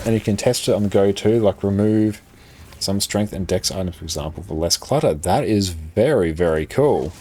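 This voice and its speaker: Low-voiced man streaming a game. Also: brisk, a little hiss or hum. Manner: relaxed, reacting to chat while playing. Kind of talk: casual live-stream chat.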